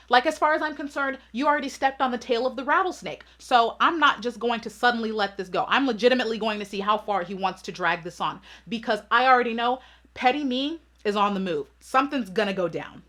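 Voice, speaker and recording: A channel host tells a storytime vlog in a fairly high, pushed, bright voice. She's sassy and emphatic, constantly checking in with her audience by asking "right?"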